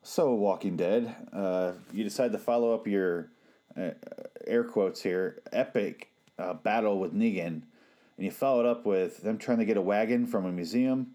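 A man's voice: fairly low pitch, normal speed, mellow. A man giving casual, sarcastic and profane watch-along commentary on a TV show.

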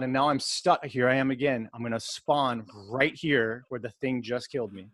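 A man's voice: medium pitch, normal speed, few pauses, no echo, studio quality. A man hosting a podcast, telling a long rambling game story in casual chat, often restarting his sentences. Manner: rambling, animated, self-interrupting storyteller. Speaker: podcast host.

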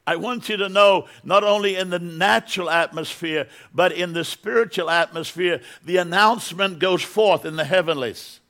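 Gravelly high-voiced preacher, emphatic. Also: male voice, normal speed, hardly any pauses, bright, forceful tone. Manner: preaching with rising emphatic bursts, repeats words. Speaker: pastor. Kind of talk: sermon.

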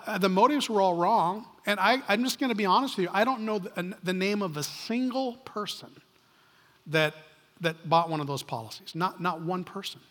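A pastor preaches a sermon from a church stage, his voice high-pitched with a fairly bright tone. He tells stories conversationally and often restarts his sentences. The recording carries a long hall reverb.

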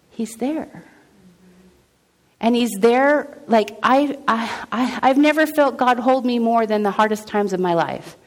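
A woman's voice: on the high side, darkish tone. A middle-aged woman gives an earnest personal testimony about her faith. She talks in a loose, conversational way and often restarts her sentences. She acts out the dialogue as she tells the story. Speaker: speaker sharing a personal testimony.

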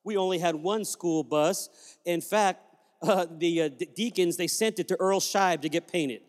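A pastor preaches a sermon at a measured pace in a high-pitched voice, sharing family stories punctuated by sudden joyful whoops. The recording carries the long reverb of a large hall.

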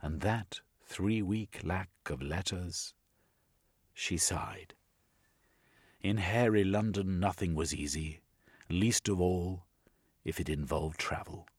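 A man narrating an audiobook in a subdued, measured way. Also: deep voice, breathy edge, no echo, studio quality. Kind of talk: scripted narration.

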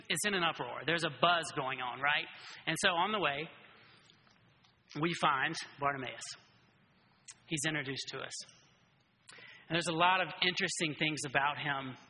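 Bright-voiced preacher in a reverberant hall. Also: male voice, fairly high pitch. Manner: casual and animated, keeps asking "right?". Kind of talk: conversational sermon.

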